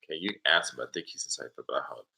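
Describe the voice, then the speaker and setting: A middle-aged man, a father and teacher, telling rambling, animated stories in casual chat and laughing at his own anecdotes. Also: very deep voice, very fast, creaky, poor audio. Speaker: father, teacher living in Japan.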